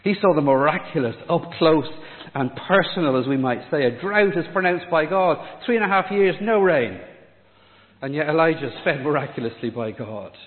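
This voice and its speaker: A man preaching a sermon, dramatic, dropping to a hush on key words. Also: a little high, normal speed. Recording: echoey hall, tinny phone-like sound.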